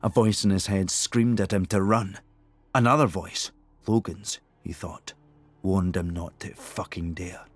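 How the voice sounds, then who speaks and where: A man narrating an audiobook thriller in a measured, tense storytelling manner. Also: sits low, steady tone, husky, dry recording. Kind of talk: scripted narration.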